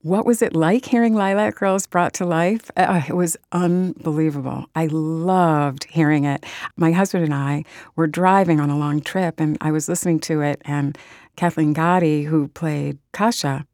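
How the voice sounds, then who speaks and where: Low-voiced woman author. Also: steady tone, moderate pace, darkish tone, no room sound, studio quality. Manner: earnest and enthusiastic, emotional about audiobooks. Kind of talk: answering interview questions.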